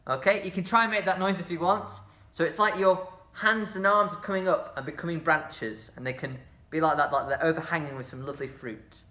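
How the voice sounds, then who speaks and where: A bright, forceful voice leads a children's drama session, calling out actions and praising every attempt. The leader cheers the kids on and throws in playful sound effects. The room gives the voice a noticeable echo. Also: medium pitch, fairly even intonation, fairly quick. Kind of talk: instructing children in a movement game.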